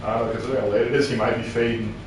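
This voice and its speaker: A man's voice: medium pitch, level tone, rapid-fire. A man joining a game stream's chat with dry, teasing quips. He sounds set back from the mic in a very echoey space. A faint hiss runs underneath. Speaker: co-host in voice chat. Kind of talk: casual gaming banter. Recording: echoey, distant voice, faint noise.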